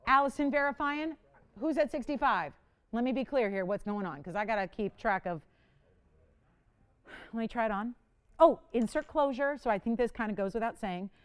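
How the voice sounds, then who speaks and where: Female shopping-channel host, bright and higher-pitched, crisp smooth delivery, animated and chatty with callers. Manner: dramatic, playful self-mocking. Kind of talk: live jewelry auction selling. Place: TV studio.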